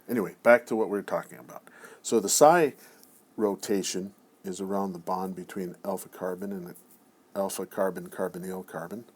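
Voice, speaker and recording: A man giving a casual recorded lecture, talking in a relaxed, chatty way with frequent self-corrections and asides. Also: on the low side.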